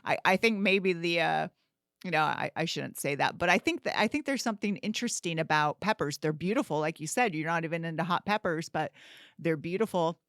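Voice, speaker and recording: A woman's voice: on the low side, a little fast, fairly bright tone, no echo, studio quality. A woman hosting a gardening podcast, speaking hesitantly, hedging and restarting her sentences. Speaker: podcast host. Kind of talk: casual podcast chat.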